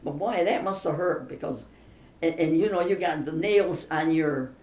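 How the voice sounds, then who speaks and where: In a casual interview, an older woman with a low, darkish voice tells family stories at a moderate pace. She's emphatic and chatty, laughing throughout, and the recording sounds roomy and distant with faint hiss behind it.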